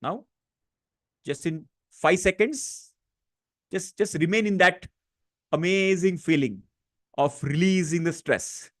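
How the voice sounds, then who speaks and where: A man guiding a live online stress-relief session, speaking gently with many fillers and restarts. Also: high voice, slow, long pauses. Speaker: stress-relief workshop facilitator. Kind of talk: guided tapping session on a live online class.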